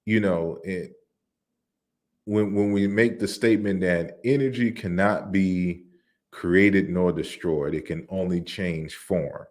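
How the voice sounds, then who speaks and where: Slow, deep-voiced man explaining slides. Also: a little mellow. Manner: deliberate, explanatory, with many restarts and fillers. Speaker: lecturer on African languages. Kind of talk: online lecture walking through slides.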